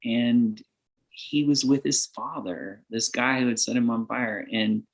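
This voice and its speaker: A man's voice: medium pitch, measured pace. Middle-aged guy rambling earnestly, lots of "you know", laughs a bunch mid-sentence. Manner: laughs often while talking. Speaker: guest. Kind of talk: casual podcast conversation.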